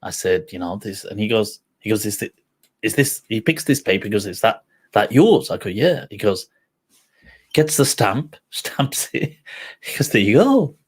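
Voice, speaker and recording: A man hosting a talk show, telling a personal story in a casual, animated way with frequent laughter. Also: lowish voice, moderate pace, breathy edge. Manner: animated, laughs often, acts out quoted voices. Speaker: host.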